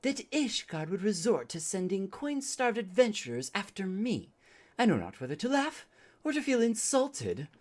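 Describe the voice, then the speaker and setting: A man's voice: sits high, sing-song, moderate pace, pitched above the performer's own voice. A man voicing a haughty young dragon warrior who mocks the people sent after him, reading game dialogue aloud. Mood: scornful. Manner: mocking, scornful.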